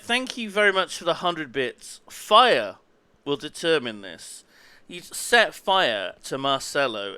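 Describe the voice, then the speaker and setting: A man hosting a live stream in casual chat, excitable and quick to laugh. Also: mid-range voice, smooth, no echo. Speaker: streamer host.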